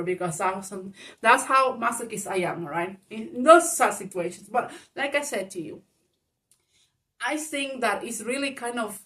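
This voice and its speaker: Sitting far from the mic, a woman with a medium-pitched, slightly bright voice vlogs casual advice to her viewers. She's frank and talkative, swears, laughs a lot, and calls the listener baby.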